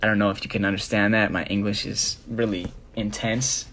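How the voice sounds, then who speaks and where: A man's voice: fairly low pitch, fairly quick, a little hiss or hum. A young man chatting casually on a live stream, rambling with many fillers as he shows his jewelry. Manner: rambling, filler-heavy, relaxed.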